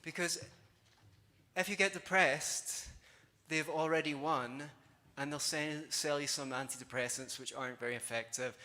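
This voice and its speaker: A man's voice: a little high, steady tone, normal speed, pushed and bright. A man giving a live conference talk, conversational and wry, with sarcastic asides. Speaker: conference speaker. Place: conference hall. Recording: long hall reverb.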